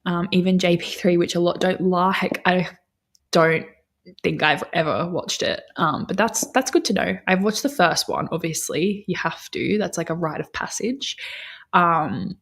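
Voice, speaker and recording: Young woman, livestream host; gravelly, rough-edged voice, easygoing chatter with viewers. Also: lowish voice, measured pace, fairly bright tone. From Australia. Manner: chatty, rambling, answers viewer chat, many fillers. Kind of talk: casual livestream chat.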